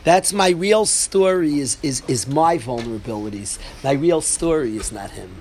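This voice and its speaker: A man giving an informal Torah class as a rabbi, telling a story with lively energy and asking his listeners questions. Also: a little high, moderate pace, a little hiss or hum. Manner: animated storytelling, asks the audience.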